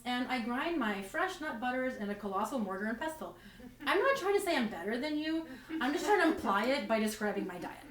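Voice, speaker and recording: A woman doing stand-up, telling self-deprecating stories in a rambling way full of restarts. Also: on the high side. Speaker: stand-up comedian. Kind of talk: stand-up comedy storytelling. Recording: roomy, distant mic.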